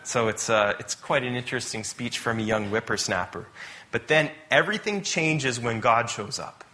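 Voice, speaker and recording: A man's voice: mid-range voice, normal speed, sharp tone. A man preaching a casual, conversational sermon, mixing in chatty asides.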